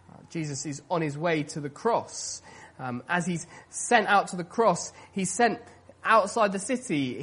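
A man's voice: fairly high pitch, a bit bright, slightly rough. A man preaching a sermon in an earnest, conversational way, with many fillers. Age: adult, past his teens.

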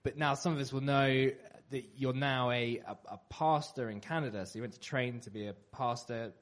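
A man interviewing a guest, asking questions in a relaxed way with many restarts. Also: mid-range voice, normal speed. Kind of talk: casual interview.

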